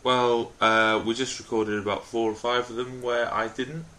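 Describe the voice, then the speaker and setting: A man's voice: mid-range voice, fairly even intonation, moderate pace, bright, forceful tone. A man co-hosting a podcast, chatting casually with teasing, laughing banter. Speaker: podcast co-host. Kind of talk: casual chat.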